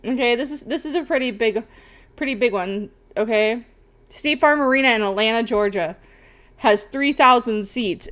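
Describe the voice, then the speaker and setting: On a casual livestream, a young woman with a fairly bright, high-leaning voice rambles on. She swears often and punctuates her lines with "bro" and "okay?"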